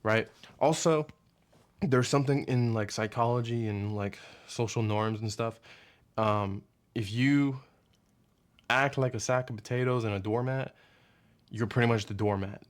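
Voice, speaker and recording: A man's voice: mid-range voice, measured pace. A young man ranting casually to camera as a vlogger, rambling and profane, often losing his train of thought. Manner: acts out his boss in a hushed mock voice.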